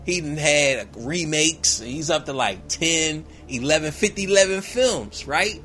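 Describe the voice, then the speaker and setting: A man's voice: fairly high pitch, animated, a little slow, sharp tone. A man hosting a podcast, retelling a movie as a loose, slangy, joking story. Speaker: podcast host. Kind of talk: comedic movie recap.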